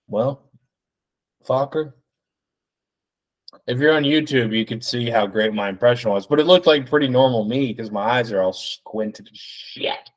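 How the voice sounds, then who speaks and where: A man's voice: medium pitch, normal speed. Rambling, foul-mouthed podcast host man. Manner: rambling, profane, excitable. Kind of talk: solo ranting podcast.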